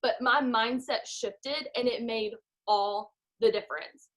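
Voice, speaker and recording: A young woman who leads a sales team, giving an energetic, emphatic motivational talk on a live call. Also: on the high side, takes it slowly. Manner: energetic, emphatic, acts out her own past complaints. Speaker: team leader in direct sales.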